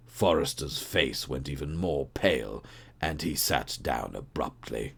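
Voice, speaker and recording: A man narrating an audiobook story in a measured, even way. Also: a bass voice, gravelly, husky.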